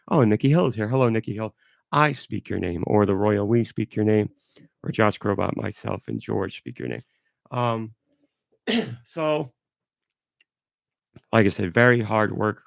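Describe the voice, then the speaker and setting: A sick man hosting a live podcast with a hoarse, stuffy voice, rambling and apologetic. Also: fairly low pitch, no echo, studio quality. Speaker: podcast host. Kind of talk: casual live podcast chat.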